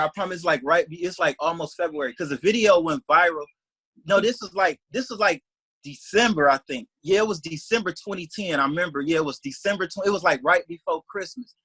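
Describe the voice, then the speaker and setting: A young man rattles through a story at high speed, his voice bright and forward with a husky edge. He rambles and leans on "like", slipping into the voices of the people he quotes. The sound is dry and close. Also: no room sound, low-quality recording. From Detroit, USA. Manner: rambling, animated, heavy use of "like", acts out quoted speech. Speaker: interview guest, salesman. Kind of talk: casual storytelling in an interview.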